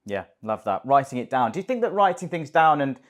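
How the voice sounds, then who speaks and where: A man interviewing a guest, reading out audience questions in a gentle, agreeable way with hesitant phrasing. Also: medium pitch, very animated, brisk.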